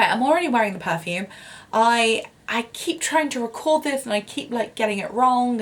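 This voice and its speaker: Young woman vlogger, bubbly and chatty, casual home review, mid-pitched voice. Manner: bubbly, chatty, self-deprecating with frequent fillers. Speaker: beauty vlogger.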